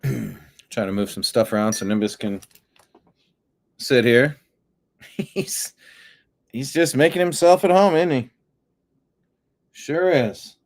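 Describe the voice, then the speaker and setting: A man's voice: medium pitch, slow, pauses often. A man hosting a casual online commentary show from his home desk, chatting and talking to his cat between stories. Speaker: host.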